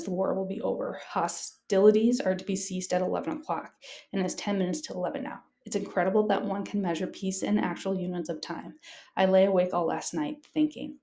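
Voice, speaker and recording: A woman reading a wartime diary aloud to a class, in an earnest, expressive way. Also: mid-range voice, a little fast, echoey room.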